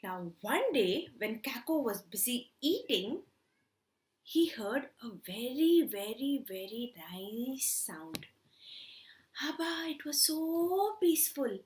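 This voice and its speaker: A woman teacher telling a story to children in an expressive, animated way, asking them questions. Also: high voice, reverberant. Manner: expressive, slow and animated, with many questions to kids.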